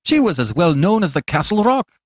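A man voices an anxious young medical student raising worried objections, pitching his delivery above his own natural voice. The voice is high with big pitch swings at a moderate pace. It's a dry, studio-quality recording.

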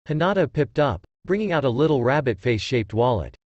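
A man narrating a fanfiction story aloud in a lively storytelling manner. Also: mid-range voice, a little fast, hardly any pauses, no echo, highs cut off.

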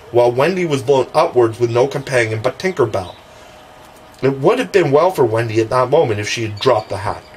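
A man's voice: mid-range voice, a little hiss or hum, rough recording. A man narrating a classic children's novel as an audiobook reader, with occasional stumbles and restarts.

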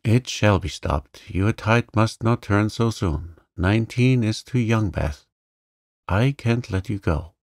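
A man's voice: fairly low pitch, lively intonation, a little slow, gravelly, a little mellow, no room sound, clean studio sound. A man voicing a passionate, headstrong young woman who speaks earnestly and pleadingly to her sister.

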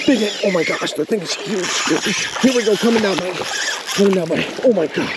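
A man's voice: sits high, fast talker. A man hosting a fishing vlog, breathless and exclaiming as he fights a fish on a riverbank, recorded on a camera mic. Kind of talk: live excited commentary while fighting a fish. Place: outdoors on a riverbank. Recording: outdoor recording with loud water noise.

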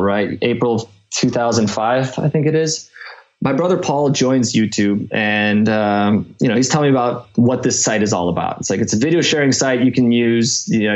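A man's voice: mid-range voice, highs cut off. Rambling guest man from Chicago. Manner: rambling, filler-heavy, animated storytelling. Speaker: podcast guest. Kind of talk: casual storytelling.

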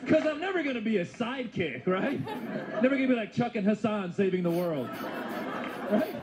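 Lively young male comedian, live club crowd. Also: high voice, brisk. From Iran. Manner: chatty, rhetorical asides, lively voices. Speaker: stand-up comedian. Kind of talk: stand-up comedy set. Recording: live club with audience laughter and noise.

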